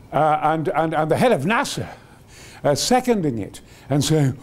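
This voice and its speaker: Excitable older man, lively high voice. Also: normal speed. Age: 80s. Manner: rambling, digressive, enthusiastic. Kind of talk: reminiscing storytelling.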